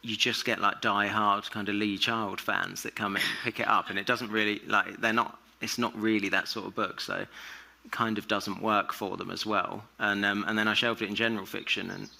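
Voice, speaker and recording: Male author, low fry-edged voice, sharp bright timbre, relaxed and meandering. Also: normal speed, hardly any pauses. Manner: relaxed, rambling with many fillers and restarts. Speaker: author guest. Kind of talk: onstage conversation. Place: festival stage.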